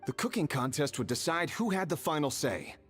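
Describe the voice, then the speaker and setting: An actor playing an earnest young companion recounting lore in a game, with a husky voice. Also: male voice, a little high, sing-song, a little fast, fairly bright tone, full character voice. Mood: explaining. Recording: reverberant game audio with music.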